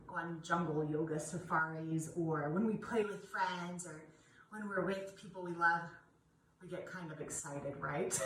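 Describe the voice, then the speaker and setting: A woman teaching a children's yoga class in a playful, encouraging way, with frequent laughs. Her voice is bright and slow-paced. She sounds far from the mic in an echoey room with faint hiss. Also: on the high side.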